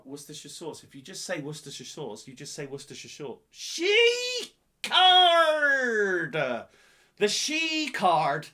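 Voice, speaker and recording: A man's voice: a little high, fairly bright tone. A man from England hosting a live-streamed pub quiz, reading out answers and teasing players in a jokey, playful way.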